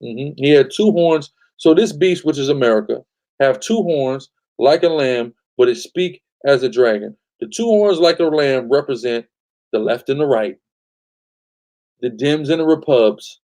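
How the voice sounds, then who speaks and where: A man's voice: mid-range voice, animated, a little slow, a little mellow. A man hosting a live-stream bible study, preaching emphatically, often asking "right?" and telling the reader to go ahead. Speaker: host leading a scripture study.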